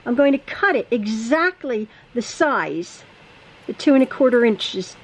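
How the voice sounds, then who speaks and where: Chatty high-voiced woman teaching sewing. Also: expressive, unhurried, breathy edge, rough recording. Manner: chatty, repeats herself, stammers and restarts. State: a little out of breath. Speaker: quilting teacher. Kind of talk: casual sewing tutorial. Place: home sewing room.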